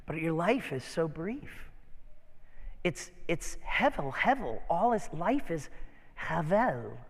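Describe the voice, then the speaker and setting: High-voiced pastor in his fifties, reverberant hall. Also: big pitch swings, takes it slowly, gravelly. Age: 50s. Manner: conversational preaching with folksy asides and restarts. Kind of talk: sermon. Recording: long reverb of a large hall.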